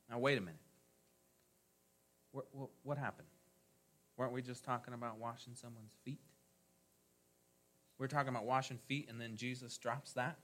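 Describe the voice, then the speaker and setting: A man delivers a sermon with a bright, forceful tone. He drives his phrases upward with emphasis, then lets the endings fall soft and low, steady in a mid-range pitch. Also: unhurried. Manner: emphatic preaching with rising, punchy phrases and soft trailing endings. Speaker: pastor.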